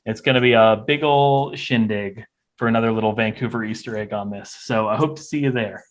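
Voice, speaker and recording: A man's voice: lowish voice, fairly quick. A man from the Canadian West Coast, a guest on an online panel, talking casually with playful, hypey announcer bits. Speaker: musician guest.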